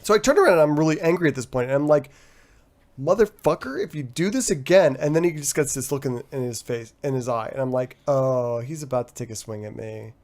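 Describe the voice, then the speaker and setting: A man's voice: mid-range voice, lively intonation, fairly quick, darkish tone. Laughing, storytelling middle-aged man. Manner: laughs often while telling stories, swears freely. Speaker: podcast co-host. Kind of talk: casual post-show chat.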